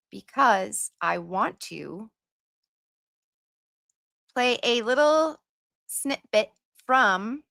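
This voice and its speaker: Slow-talking, gushing woman livestreamer. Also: mid-range voice, a bit bright, dry recording, clean studio sound. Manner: gushing and chatty, sings little filler tunes. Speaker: livestream host. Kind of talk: casual livestream chat reading comments.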